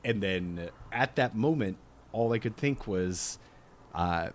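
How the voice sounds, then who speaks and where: A man's voice: lowish voice, animated, slow pace, slight background noise. A man co-hosting a podcast, recapping in a wry, easygoing way. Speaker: podcast co-host. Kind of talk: casual chat.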